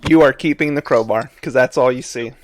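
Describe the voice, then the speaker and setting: A man's voice: medium pitch, fairly quick. A man narrating a tabletop game as its game master, describing scenes and laughing often between descriptions. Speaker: dungeon master. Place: live-stream home setup.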